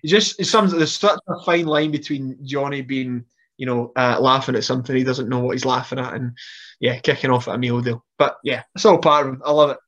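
A man's voice: mid-range voice, fairly quick, muffled recording. A man who is a guest on a podcast, telling funny stories casually and laughing as he talks. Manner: animated, laughs through stories, frequent restarts. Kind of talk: casual storytelling.

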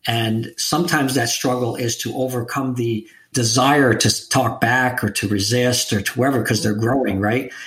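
A man interviewing an author, speaking in a measured, reflective way about leadership and parenting. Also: mid-range voice, fairly even intonation, a bit bright. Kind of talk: conversational interview.

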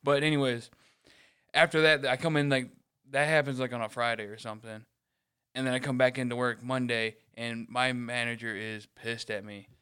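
A man's voice: medium pitch, little pitch movement, moderate pace, a bit bright, smooth. A man telling a rambling workplace story in casual chat, swearing freely and acting out what others said. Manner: mimics others in quoted lines. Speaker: podcast co-host.

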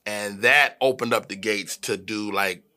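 A man's voice: lowish voice, unhurried. A male comedian telling stories about his early tour days in a casual podcast conversation. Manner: relaxed anecdote telling. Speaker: comedian, guest. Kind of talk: casual chat.

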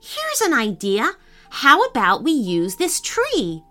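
A young T-rex who barks out orders in a raised, high, bright voice, as a woman reads him. It is a storybook dinosaur with an urgent, take-charge manner over faint music. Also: wildly swooping pitch, slow pace, full character voice. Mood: thoughtful. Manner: commanding, urgent. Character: young male T-rex, bossy quick thinker.

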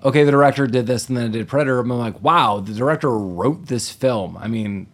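A man's voice: medium pitch, brisk. A man co-hosting a casual movie podcast, riffing jokingly on the film and asking his co-host questions. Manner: joking, riffing, laughs often. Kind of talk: casual movie review chat.

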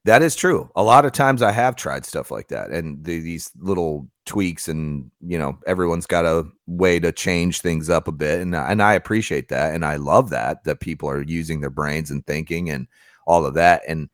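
A man's voice: extremely low pitch, moderate pace, no room sound, clean studio sound. A man hosting a casual podcast, reading an ad and chatting energetically with his co-hosts. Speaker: podcast host. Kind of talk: casual podcast chat and read ad.

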